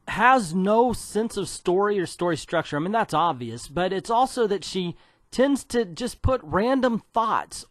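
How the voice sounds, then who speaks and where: A man's voice: high voice, dry recording, clean studio sound. A man reviewing comic books in a sarcastic, scornful rant.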